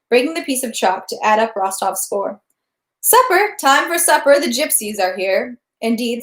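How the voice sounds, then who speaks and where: A woman reading a novel aloud, steady with small slips and restarts. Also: fairly high pitch, echoey room. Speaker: reader of a novel. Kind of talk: read-aloud narration.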